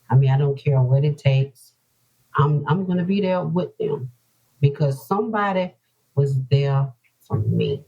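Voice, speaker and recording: Earnest woman with a husky, mellow voice. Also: low-pitched, expressive, unhurried. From North Carolina. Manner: earnest, repetitive, heartfelt. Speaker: author guest. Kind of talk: emotional personal interview talk. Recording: dull lo-fi podcast audio.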